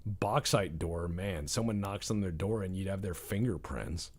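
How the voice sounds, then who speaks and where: A man's voice: low voice, normal speed, darkish tone, husky. A man hosting a let's-play video, chatting casually in a rambling, profane, self-deprecating way. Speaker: gaming channel host.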